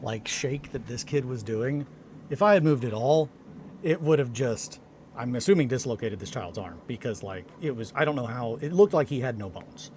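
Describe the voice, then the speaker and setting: Sleepy male stream host, mid-pitch, rambling, noisy room. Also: expressive, moderate pace, darkish tone. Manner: rambling, self-interrupting, restarts and fillers. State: tired, just woken up. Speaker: hobby livestream host. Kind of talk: casual rambling storytelling to viewers. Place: home studio and workshop.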